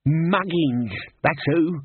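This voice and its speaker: A cantankerous old male servant who grumbles and mutters to himself, put on by a man reading a storybook. His voice has a husky grain. The recording is dry and narrow, like a phone line. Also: fairly high pitch, extremely slow, no echo, voice pushed up, heavily acted. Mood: grumbling. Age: older. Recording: muffled, phone-like narrow sound.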